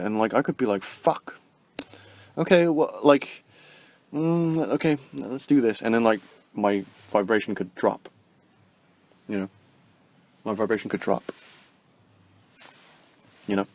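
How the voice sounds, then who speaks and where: A man talking casually to the camera in a vlog, rambling with lots of fillers and acting out little conversations. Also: lowish voice. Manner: rambling, heavy on fillers, acts out little dialogues; swings between lively bursts and soft murmurs. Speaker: vlogger.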